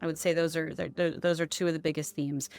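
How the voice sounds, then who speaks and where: A woman's voice: low-pitched, little pitch movement, fast, gravelly, a little mellow, no room sound. A woman voice and accent coach explaining her methods in a conversational interview, often checking in with "right?".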